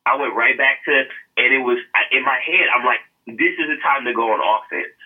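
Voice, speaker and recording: A man's voice: mid-range voice, fairly quick, sharp tone, slightly rough, rough recording. A man co-hosting a podcast, telling a personal story in earnest with fillers and a laugh now and then. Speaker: podcast co-host. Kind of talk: casual podcast chat.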